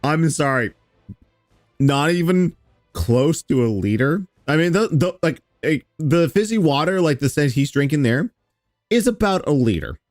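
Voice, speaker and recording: A man reacting on stream with sarcasm, profanity and mocking impressions. His pitch swings widely as he rants. The sound is dry and close, with a bit of music underneath. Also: very animated, a little slow, dry recording. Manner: sarcastic, swearing, laughing, mocking with mimicked quotes. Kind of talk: casual reaction commentary.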